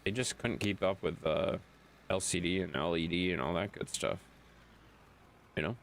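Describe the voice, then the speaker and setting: Low-voiced and speaking at normal speed, this man streams a game with slight background noise behind him. His talk with viewers is loose and casual, peppered with frequent swearing and laughter.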